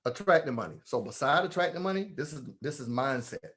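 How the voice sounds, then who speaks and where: This man's voice is husky and medium in pitch, and he talks a little fast. Appearing as a guest at an online meetup, he offers a motivational speech with a playful, preacher-like animation.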